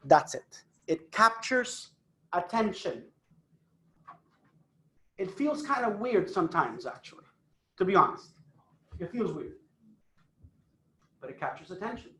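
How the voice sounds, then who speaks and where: A man's voice: sits high, sing-song, measured pace, pauses often, sharp tone, echoey room. A man coaching a phone sales team, emphatic and repeating points for stress. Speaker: sales trainer. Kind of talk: phone sales training talk. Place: office phone room.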